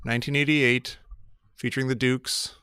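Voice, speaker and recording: A man's voice: medium pitch, moderate pace, smooth, dry recording, studio quality. A man co-hosting a casual podcast chat, rambling and cutting himself off as he talks. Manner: rambling, self-interrupting, animated. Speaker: podcast co-host.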